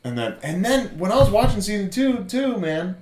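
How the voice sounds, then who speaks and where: A man co-hosting a podcast, recapping a TV series in loose casual chat full of fillers and quick laughs. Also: sits high, very animated, a little mellow, slight background noise. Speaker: podcast co-host. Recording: roomy echo.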